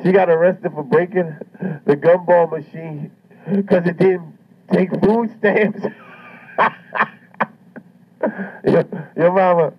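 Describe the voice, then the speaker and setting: A man working a stand-up set with a loud, swaggering, profane delivery. His voice sits a little high for a man. The recording is muffled and lo-fi. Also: fairly even intonation, slow, long pauses, slightly rough. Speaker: stand-up comedian. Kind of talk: stand-up comedy routine.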